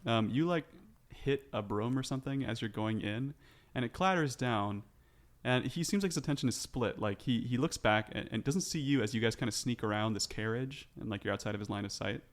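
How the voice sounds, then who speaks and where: A man narrating as game master of a tabletop game, relaxed and chatty with lots of fillers. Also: medium pitch, brisk.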